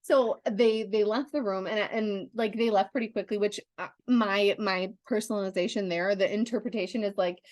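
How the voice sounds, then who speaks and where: Candid, animated woman on a podcast. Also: mid-range voice, normal speed, hardly any pauses, dry recording, studio quality. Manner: candid, animated storytelling with frequent "like" and restarts. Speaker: podcast co-host. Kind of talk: casual chat.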